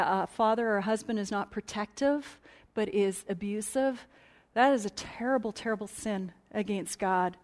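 A woman giving a conversational teaching talk at a conference, earnest and chatty, often restarting her sentences and adding asides. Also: mid-range voice. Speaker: conference speaker. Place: conference hall stage.

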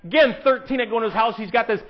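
A man preaching a sermon in church, animated, swinging between hushed asides and loud emphatic lines. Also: extremely high pitch, racing, highs cut off. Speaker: pastor.

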